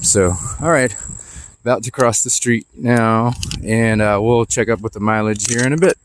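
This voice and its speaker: Low-voiced man rambling on a walk. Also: a little hiss or hum. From Texas. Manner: rambling, nostalgic and chatty with many fillers. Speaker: vlogger. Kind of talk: casual walking vlog. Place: outdoors walking through a neighborhood. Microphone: phone camera held while walking.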